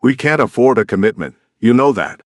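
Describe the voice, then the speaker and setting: A man's voice: medium pitch, lively intonation, brisk, no echo, clean studio sound, natural voice. A man voicing a suspicious, paranoid male hacker who speaks in curt, dismissive, accusing remarks. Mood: cold.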